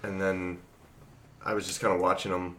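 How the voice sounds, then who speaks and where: A man's voice: sits low, little pitch movement, normal speed, sharp tone. A man chatting casually as a guest, laid-back and hesitant, with many fillers. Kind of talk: casual chat.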